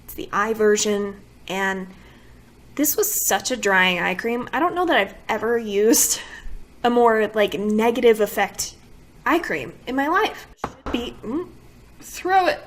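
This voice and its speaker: A woman with a fairly high voice reviews beauty products she dislikes, talking casually to the camera. She complains dramatically and keeps firing off exasperated rhetorical questions. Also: animated, unhurried. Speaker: beauty vlogger.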